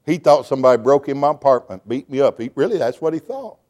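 A middle-aged man, preaching a sermon and telling his testimony with emotion, shouting at times and stammering as he restarts words. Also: medium pitch, lively intonation, quick pace.

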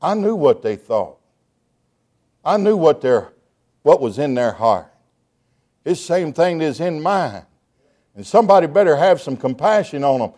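A middle-aged preacher man with a high, ringing voice. He swings from hushed storytelling to loud, emotional shouting, and he stumbles and restarts words as he drives his sermon along. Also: very animated, measured pace, pauses often.

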